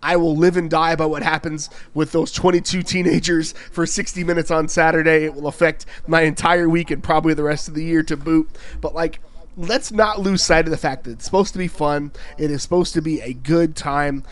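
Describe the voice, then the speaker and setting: A man's voice: a little high, steady tone, fairly quick, hardly any pauses. A young man co-hosting a sports podcast, talking earnestly and working himself up to fired-up emphasis. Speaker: podcast co-host. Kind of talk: casual sports podcast chat.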